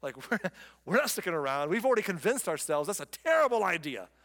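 A man's voice: high voice, very animated, fast, fairly bright tone, big-room sound, heavily acted. A man voicing a crowd of anxious ancient townsfolk in casual modern slang. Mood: dismissive.

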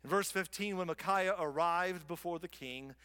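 Casual preacher, long hall reverb. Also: male voice, high-pitched, moderate pace, sharp tone, smooth. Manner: casual, conversational storytelling. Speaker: pastor. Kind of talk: sermon.

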